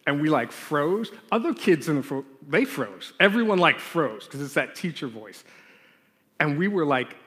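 A man telling a lively childhood story in a sermon and then leading a prayer, acting out the scenes as he goes. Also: fairly high pitch, normal speed. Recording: long hall reverb.

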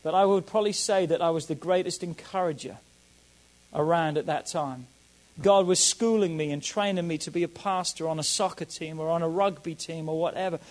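High-voiced pastor, emphatic sermon. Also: male voice, a little fast, poor audio. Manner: emphatic, repeats key phrases, swings between loud and soft.

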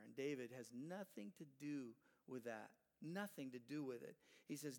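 Brief: conversational male preacher, animated, slightly high pitch. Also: moderate pace, hardly any pauses. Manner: animated storytelling, conversational asides. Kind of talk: sermon.

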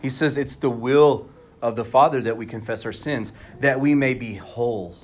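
A man's voice: mid-range voice, normal speed, a little hiss or hum. A man preaching a sermon as pastor at a church service, talking candidly and conversationally to the congregation.

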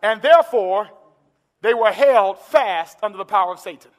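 A man preaching a sermon in a church, building to impassioned shouted climaxes. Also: high-pitched, expressive, normal speed. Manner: impassioned, shouting climaxes with call-and-response urgency. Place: large church hall with congregation. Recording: echoey church hall with crowd.

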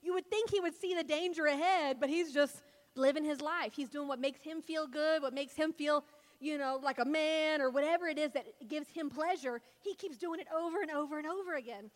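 A woman's voice: high voice, fairly quick. A young woman gives a casual Bible talk. She talks in a loose, chatty storytelling way, full of fillers. Her voice trails off into a long reverb, as in a large hall. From Louisiana.

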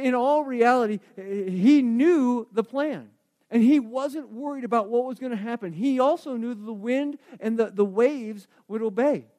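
High-voiced man preaching a sermon. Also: darkish tone.

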